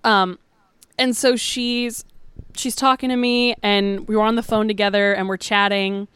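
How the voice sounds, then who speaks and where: A young woman co-hosting a podcast, telling a story with animated, giggly energy. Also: medium pitch, measured pace, smooth, no echo. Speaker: podcast co-host. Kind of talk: casual chat.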